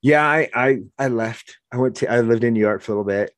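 A man in his forties from Wyoming hosting a casual conversation, an animated storyteller who acts out the voices he quotes. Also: medium pitch, fast talker, no echo. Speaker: podcast host.

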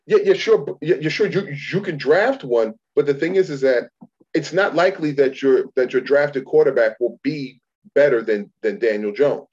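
Husky guy co-hosting sports chat, keeps stammering the first words, muffled lo-fi sound. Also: mid-range voice, moderate pace, darkish tone. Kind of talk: casual sports talk.

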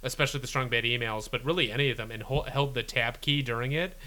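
Bright-toned enthusiastic man co-host. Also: mid-range voice, fairly even intonation, fast talker. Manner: enthusiastic, filler-heavy. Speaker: podcast co-host. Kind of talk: casual chat.

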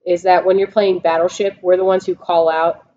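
A woman's voice: on the low side, little pitch movement, brisk, dark tone, slight background noise. Profane laughing woman on a lo-fi podcast. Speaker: podcast co-host, Marine veteran. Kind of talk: casual chat. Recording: dull lo-fi sound.

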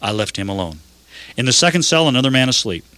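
An older man narrating a first-person story in an earnest, measured way. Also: medium pitch, sing-song, bright, forceful tone, smooth, dry recording.

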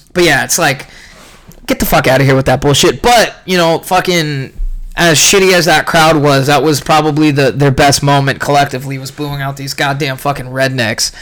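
Young guy ranting about a fight night, swears constantly, rambles, kinda high voice. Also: a bit bright. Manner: profane, rambling, irritated. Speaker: podcast host recapping a fight event. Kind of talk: casual ranting commentary.

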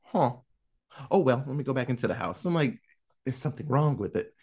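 A man retells a movie plot in a loose, chatty way, and his pitch rises and falls widely as he slips into the characters' lines. His voice sits at an everyday middle height. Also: fairly quick, husky. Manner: animated storyteller who acts out quotes. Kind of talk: casual film recap storytelling.

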